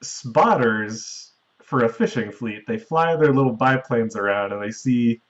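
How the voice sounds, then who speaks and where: A man's voice: medium pitch, unhurried, lo-fi sound. Man casually recapping a movie plot. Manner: recaps the plot at length, with chuckles. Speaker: podcast host recapping a film. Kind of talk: casual chat.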